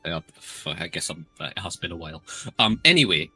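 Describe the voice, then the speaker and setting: A man's voice: sits low, sing-song, brisk, pushed and bright, husky, soft background music, exaggerated voice. A man voicing a tiny, meek male squirrel-like creature with a Scottish accent, polite and prone to stammering. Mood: flustered polite. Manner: hesitant, stammering, politely formal.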